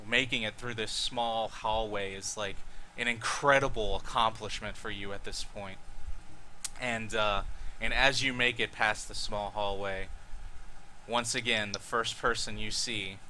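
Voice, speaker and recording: Male dungeon master, bright and forward, rambling narration with faint hum. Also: fairly low pitch, fairly even intonation, unhurried. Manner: vivid, rambling play-by-play with restarts. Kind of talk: narrating a tabletop game.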